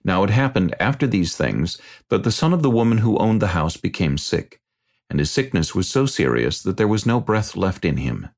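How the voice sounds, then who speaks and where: A man with a low, gravelly-edged voice reads scripture in a deliberate, measured way, his pitch rising and falling a lot. He sounds very animated and a little mellow.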